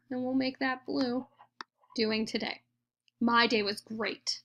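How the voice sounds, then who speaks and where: A woman teacher talks through a computer tutorial in a fairly high voice. She explains each click patiently, one step at a time. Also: steady tone, takes it slowly, a bit bright, dull audio. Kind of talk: screen-recorded tutorial.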